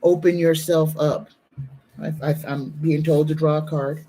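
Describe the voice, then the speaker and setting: A woman's voice: low voice, level tone, mellow, slight background noise. A woman psychic medium giving an earnest, soothing live-stream reading, at times moved to the edge of tears. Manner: slow, earnest, soothing, emotional. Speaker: psychic medium and tarot reader.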